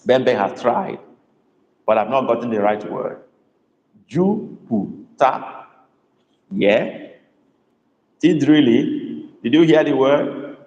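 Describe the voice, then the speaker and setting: A man teaches a live online class and repeats words slowly and patiently. He calls on students by name. His voice rings in a roomy space with a long reverb tail. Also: mid-range voice, darkish tone, lo-fi sound. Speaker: language tutor. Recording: echoey room with long reverb.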